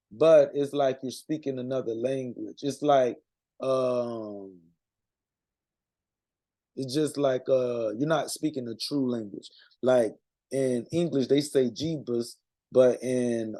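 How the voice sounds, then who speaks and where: A man talks through a loose, unscripted monologue, earnest and conversational. His voice is mellow and warm, never bright, at an ordinary middle pitch. He stops and restarts often, filling gaps with ums and uhs. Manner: halting, many restarts and fillers. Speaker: religious community speaker.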